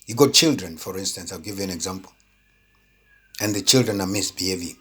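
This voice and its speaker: Deep voiced guy ranting his opinion, kinda husky, keeps asking does that make sense. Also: a little fast, sharp tone. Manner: indignant, full of rhetorical questions; repeats words when heated. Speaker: political commentator. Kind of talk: impassioned opinion monologue.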